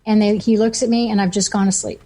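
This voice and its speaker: A woman hosts a radio talk show with a warm, mellow tone. She talks with enthusiasm and keeps affirming her guest. Her pitch sits in the middle range for a woman. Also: steady tone, fast. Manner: enthusiastic, frequent affirming interjections. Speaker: talk radio host and coach.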